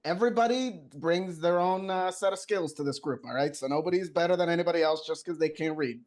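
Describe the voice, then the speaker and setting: A man's voice: fairly high pitch, brisk, a little mellow. A man playing his tabletop character, casual and leaderly, swearing freely. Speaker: player.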